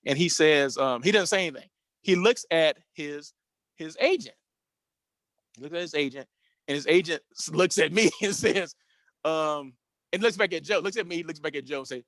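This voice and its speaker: A man in his fifties hosting a show, telling a personal anecdote in a casual, animated way with frequent tag questions. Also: a little high, moderate pace, no room sound. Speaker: host.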